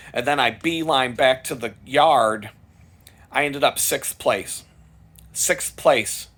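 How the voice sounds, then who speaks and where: A man telling a rambling, profane story in a casual vlog. He gets louder and higher as it builds. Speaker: vlogger.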